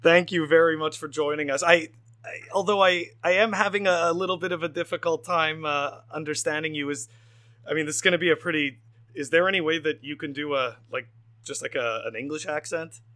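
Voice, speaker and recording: A man's voice: fairly high pitch, fairly even intonation, brisk, bright, forceful tone. Upbeat rambling male podcast host. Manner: enthusiastic, rambling with many fillers and restarts. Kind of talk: casual podcast interview.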